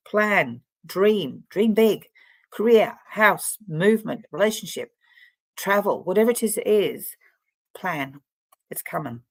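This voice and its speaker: A woman's voice: mid-range voice, vocal fry, no echo. A woman giving a casual, chatty tarot card reading straight to the viewer, rambling and speaking to them directly. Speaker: tarot reader.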